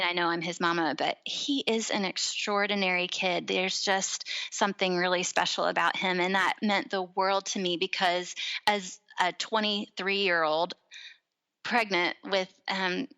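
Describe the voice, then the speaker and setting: A woman's voice: medium pitch, normal speed, muffled recording. A woman in her thirties, a podcast guest, telling a personal story in casual chat and acting out the quoted voices. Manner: animated, acts out quoted voices.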